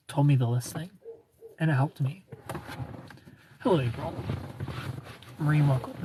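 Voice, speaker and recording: A slightly high-voiced man chats into his phone during a live stream, greeting viewers by name. He is playful and a bit dramatic, and he coaches people through breakups like a friend would. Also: slight background noise. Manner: chatty, greets viewers and reads their comments aloud. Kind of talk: casual live stream chat.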